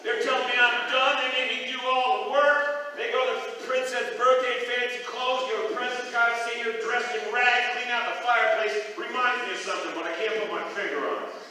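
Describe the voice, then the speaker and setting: Guy doing a high-pitched put-upon farm boy, eager, bright and sharp, echoey hall from far off. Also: steady tone, fairly quick, few pauses, full character voice. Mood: grumbling. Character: young farm boy, bullied, hopeful and eager.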